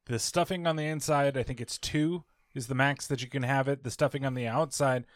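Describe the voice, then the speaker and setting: A man's voice: mid-range voice, fairly even intonation, fairly quick, dry recording, clean studio sound. A man hosting a casual podcast, joking around, swearing freely and laughing often. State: hiccuping. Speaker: podcast host. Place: indoor studio setup.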